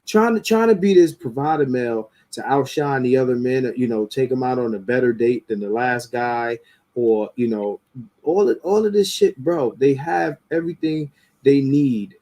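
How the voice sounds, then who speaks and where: Male podcast host, mellow tone, casual and profane, animated. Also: medium pitch, normal speed. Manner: animated, profane, rising into mocking quotes. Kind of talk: casual opinionated talk.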